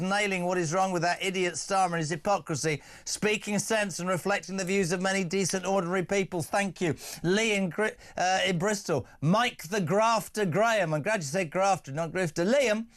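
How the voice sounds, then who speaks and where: A male talk radio host with a slightly raised pitch, working through listener messages at a brisk clip. He sounds emphatic and opinionated and puts weight on his points. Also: fairly bright tone.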